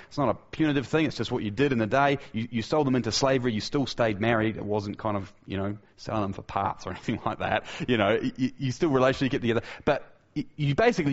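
A man preaching a sermon. He talks emphatically, repeats key phrases, restarts his sentences often and drops to a soft low voice for key points. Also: fast talker, hardly any pauses, highs cut off.

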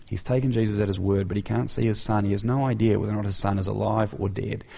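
A man's voice: on the low side, steady tone, fast, vocal fry, dark tone. A man preaching an earnest sermon who asks his listeners rhetorical questions, in a dull, lo-fi recording.

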